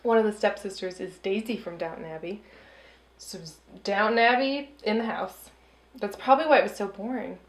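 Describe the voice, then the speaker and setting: A woman's voice: mid-range voice, normal speed, roomy sound. A woman co-hosting a movie podcast, giggly and sarcastic in casual chat.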